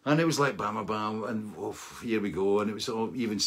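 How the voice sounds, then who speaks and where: Scottish male host, low husky tone, casual rambling storyteller who laughs a lot. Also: fairly quick. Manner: rambling, animated, laughs often. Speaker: livestream host.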